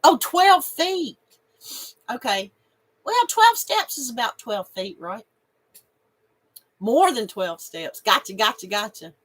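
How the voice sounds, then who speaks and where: A woman's voice: on the high side, very animated, slow, long pauses, husky, low-quality recording. A middle-aged woman, hosting a casual live stream and chatting with viewers, giggly and emotional and laughing often. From North Carolina, USA.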